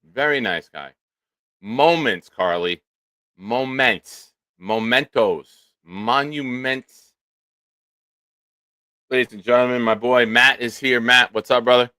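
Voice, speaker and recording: A male host running a live fan stream in a loose, casual way. His voice sits at a middle pitch and comes across dry and close. Now and then he breaks into loud, playful cheers. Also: a little fast, few pauses, smooth, dry recording. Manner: loud hype, mock cheers. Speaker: show host.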